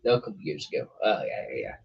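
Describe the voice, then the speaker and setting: A man's voice: rumbling low, sing-song, racing, vocal fry, husky, dull audio. A young man hosting a weather show, chatting casually on a live stream, laughing often and calling people bro. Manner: laid-back, laughing, says bro a lot.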